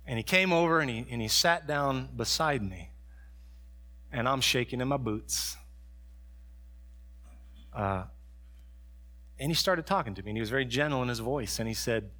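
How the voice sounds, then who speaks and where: A middle-aged male pastor preaching a sermon, dropping to soft storytelling and rising to raised, fervent preaching. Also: medium pitch, normal speed, pauses often.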